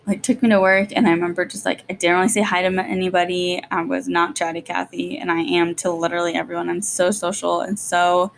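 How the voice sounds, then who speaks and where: Young woman, mom vlogger, nervous rambling chat, vocal fry, faint background hiss. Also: lowish voice, level tone. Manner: rapid rambling, lots of "like", nervous. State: jittery and short on sleep. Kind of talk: casual vlog chat.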